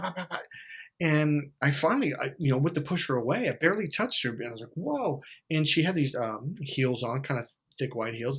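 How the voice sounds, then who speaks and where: A middle-aged man hosting a self-help video, telling a blunt, swear-heavy story in an animated monologue. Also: a little high, breathy edge.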